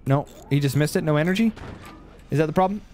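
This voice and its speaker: A man giving play-by-play commentary on a strategy game match, excitable and bursting into loud exclamations at big plays, a little stuffy from post-nasal drip. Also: a little high, fast talker, noisy background. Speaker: game caster.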